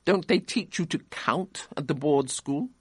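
A man's voice: on the high side, measured pace, husky, dry recording, clean studio sound. A man voicing a glossy, mocking clerk who sneers at a boy. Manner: sneering, teasing.

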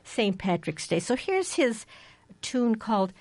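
A woman's voice: on the high side, big pitch swings, unhurried, no echo. A woman hosting a radio show, chatting casually and laughing easily between songs. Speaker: radio host.

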